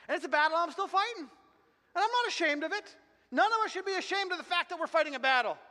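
A man's voice: very high voice, sharp tone. A man preaching a sermon as pastor, fervent and repetitive, restarting phrases as he builds each point. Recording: long hall reverb.

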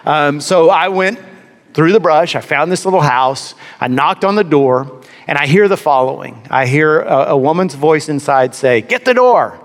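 A man's voice: fairly high pitch, normal speed, in a large hall. A man preaching a sermon, telling a personal story with wry, self-deprecating humor. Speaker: pastor.

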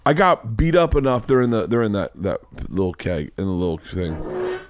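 A man hosting a podcast, telling a profane, animated story in casual chat and acting out the voices in it. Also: lowish voice, normal speed, a little hiss or hum. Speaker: podcast host.

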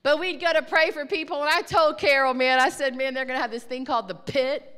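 Excitable woman telling a mission story. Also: high voice, fairly quick, big-room sound. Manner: excitable, swings from hushed to shouting. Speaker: ministry speaker. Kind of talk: animated testimony storytelling.

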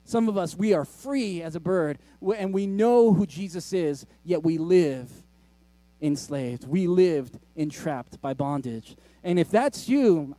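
A man's voice: high voice, mellow, no room sound. A middle-aged male pastor preaching a sermon, conversational and self-deprecating as he tells stories.

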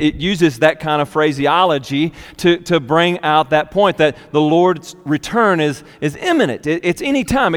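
A man preaching a sermon as a pastor, slow and emphatic, repeating key phrases for weight. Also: on the high side, smooth. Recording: long hall reverb.

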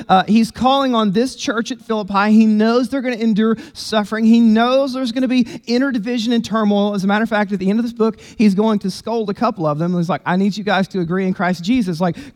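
Guy preaching, kinda high voice, talks to the crowd casual but punchy, big hall echo. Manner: emphatic, conversational preaching. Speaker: pastor. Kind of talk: sermon. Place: church sanctuary.

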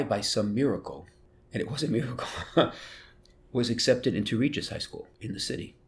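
A middle-aged man with a New York accent, a bishop telling family stories in an interview, animated and laughing as he talks. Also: lowish voice. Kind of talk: storytelling interview.

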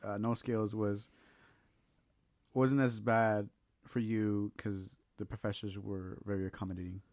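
A man's voice: lowish voice, level tone, a little slow, a little mellow, dry recording. A man interviewing casually, asking short prompting questions and giving brief acknowledgments. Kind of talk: casual oral history interview.

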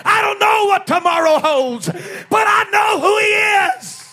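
Shouting high-voiced male preacher. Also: animated, gravelly, a faint crowd. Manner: emphatic, shouted preaching with slow drawn-out refrains. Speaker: pastor. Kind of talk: sermon. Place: church service with congregation.

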